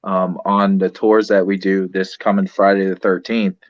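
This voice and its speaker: A man with a low, deep voice lays out details in a matter-of-fact way during a casual live-stream chat. The sound is a bit dull and lo-fi, and dry. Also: level tone, moderate pace, no echo. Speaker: paranormal investigator, tour guide.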